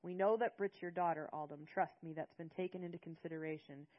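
A woman voicing a stern male council leader who lectures loudly in an audiobook. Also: fairly low pitch, fairly even intonation, a little fast, dull audio, close to an everyday voice. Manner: loud and lecturing.

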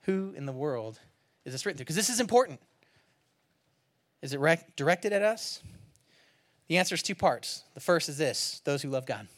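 A man preaching a sermon in a conversational, animated way, swinging from hushed near-whispers to loud emphatic bursts and asking rhetorical questions. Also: on the high side, normal speed. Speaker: pastor.

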